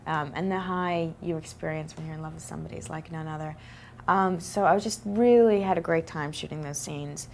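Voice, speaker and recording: Brief: young woman, lowish, soft reflective interview answers. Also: fairly even intonation, brisk, creaky, slight background noise. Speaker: actress being interviewed. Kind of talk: press junket interview.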